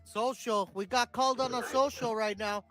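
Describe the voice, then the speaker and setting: A man's voice: very high-pitched, steady tone, moderate pace, bright, forceful tone, soft background music. A man co-hosting a live stream, talking loosely and rambling, with swearing. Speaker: co-host. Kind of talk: casual chat on a live stream.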